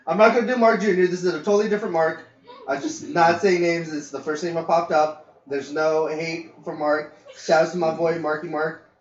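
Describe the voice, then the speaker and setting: A man's voice: on the high side, little pitch movement, normal speed. A man co-hosting a podcast, telling a long work story in a rambling casual way, with many fillers and some swearing. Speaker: podcast co-host. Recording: roomy, distant, dull lo-fi mic.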